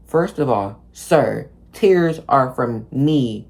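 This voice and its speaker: A man's voice: mid-range voice, slow pace, vocal fry, few pauses. Rambling young man telling a storytime. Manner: rambling, heavy use of "like", profane slang; animated storytelling, acting out officers and himself. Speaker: vlogger. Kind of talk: storytime monologue.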